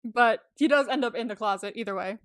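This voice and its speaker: Woman, podcast co-host, casual recap, swears a lot, laughs often, higher voice. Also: fast, no echo, clean studio sound. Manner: swears freely, laughs often, acts out quoted lines.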